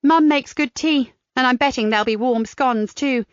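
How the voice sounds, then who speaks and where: A woman voicing a cheerful grown daughter, bright and eager in manner. The recording is dry and slightly dull. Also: sits high, moderate pace, dry recording, lightly acted.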